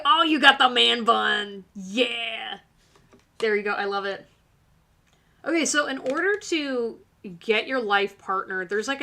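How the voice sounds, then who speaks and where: A woman's voice: mid-range voice, pushed and bright. A woman hosting a live-stream tarot reading, talking casually and encouragingly with lots of fillers. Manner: chatty, filler-heavy, encouraging.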